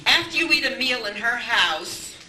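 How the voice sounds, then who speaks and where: A woman's voice: on the high side, expressive, moderate pace, bright, forceful tone. An older grandmother telling chatty family stories in a speech at a bar mitzvah, with lots of restarts and repeated "I says". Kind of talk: anecdotal family celebration speech. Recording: echoey room, distant mic, background noise.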